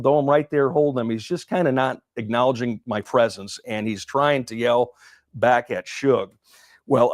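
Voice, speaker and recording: A man, a former police officer, telling a story in an interview, halting and full of fillers and restarts. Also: medium pitch, no echo, clean studio sound.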